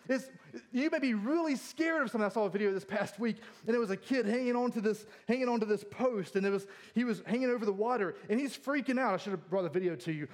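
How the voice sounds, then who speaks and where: A man with a fairly high voice delivers a sermon from the pulpit. He keeps it light and jokey, pokes fun at himself and laughs easily as he moves between stories and scripture. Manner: jokey, self-deprecating, laughs often. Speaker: pastor. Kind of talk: humorous sermon.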